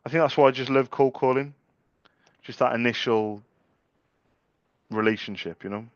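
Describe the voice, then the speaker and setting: A man's voice: mid-range voice, normal speed, no room sound. A young man in an office, bantering cheekily with phone sales contacts and laughing at his own jokes. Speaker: salesperson cold calling. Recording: dry, dull lo-fi sound.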